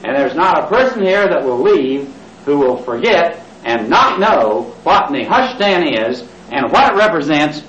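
A male preacher with a lively, swooping delivery, calling on his congregation to repeat words back and dropping jokey asides. He is heard from some way off in a roomy, echoey church, on a dull, lo-fi cassette recording with faint hiss. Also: a little high, recorded from a distance. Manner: interactive, has the congregation repeat words aloud. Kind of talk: sermon.

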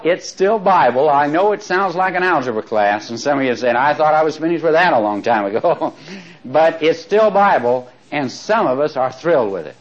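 A man teaching a Bible study class, talking in a chatty, animated way with asides and chuckles, slowing down to read verses aloud. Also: a little high. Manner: slows right down when reading verses aloud. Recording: dull lo-fi recording.

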